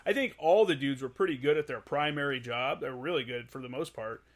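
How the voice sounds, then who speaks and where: A man's voice: medium pitch, fairly quick. A man hosting a casual podcast interview, talking bluntly with plenty of swearing and repeated words. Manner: blunt, profane, repeats words while thinking. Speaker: podcast host.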